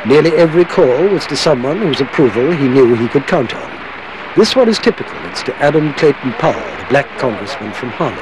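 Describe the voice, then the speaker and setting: A man narrates a documentary with a mid-range voice and lively pitch movement. The read is measured, with a faint background hiss. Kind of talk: scripted narration.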